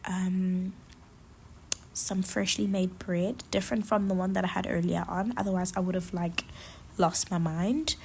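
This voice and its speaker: Gravelly, husky young woman podcaster. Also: mid-range voice, darkish tone. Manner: rambling, gushing, full of fillers. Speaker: podcast host. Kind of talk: casual solo chat.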